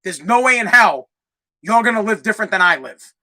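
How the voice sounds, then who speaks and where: A man's voice: high-pitched, animated, a little fast, bright, forceful tone. A man hosting a podcast, ranting bluntly and combatively and repeating himself for emphasis. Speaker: podcast host. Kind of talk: opinionated podcast rant.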